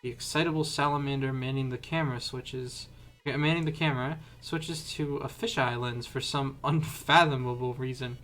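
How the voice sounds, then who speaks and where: A man's voice: medium pitch, steady tone, fairly bright tone. Man reading a story aloud with friends. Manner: measured reading, breaking into laughter with friends. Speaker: reader of a fan story on a livestream.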